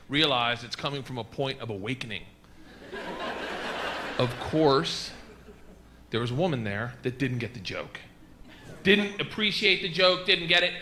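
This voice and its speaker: A male comedian doing a stand-up set on a club stage. He talks loud and animated and laughs through his own lines. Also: mid-range voice, moderate pace, a little hiss or hum.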